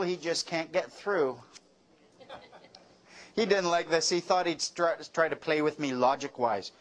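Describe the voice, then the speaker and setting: A man tells stories to an audience in a wry, joking way, landing his punchlines dry. His speaking voice sits high for a man. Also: takes it slowly, long pauses, a bit bright. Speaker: speaker giving a talk. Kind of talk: storytelling talk with jokes.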